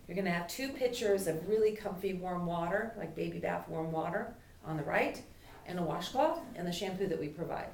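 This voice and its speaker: A woman's voice: lowish voice, normal speed. A woman dog trainer teaching a puppy class in a chatty way, voicing the dog's thoughts. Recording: echoey room from far off, faint noise.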